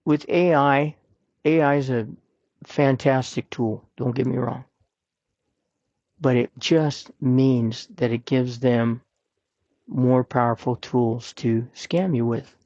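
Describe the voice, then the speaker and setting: A man's voice: mid-range voice, fairly even intonation, takes it slowly, darkish tone, dry recording, dull audio. A man hosting a podcast, giving earnest, plain-spoken advice and repeating his points for emphasis. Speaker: podcast host. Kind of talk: personal advice talk.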